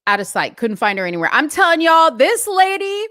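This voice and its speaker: Chatty woman ranting, slightly high voice. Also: a little fast, no echo, studio quality. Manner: chatty, animated retelling with asides. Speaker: vlogger. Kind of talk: casual storytelling rant.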